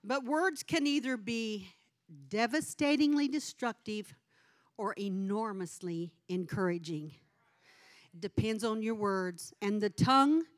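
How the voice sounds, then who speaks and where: A middle-aged woman giving a devotional talk at a church gathering, telling a homey story in a chatty way and laughing often between lines. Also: medium pitch. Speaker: lay speaker at a church gathering.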